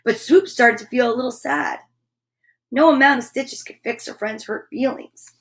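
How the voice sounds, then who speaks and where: A woman reading a picture book aloud to children, expressive, with exclaimed asides. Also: a little high, moderate pace. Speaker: children's storyteller.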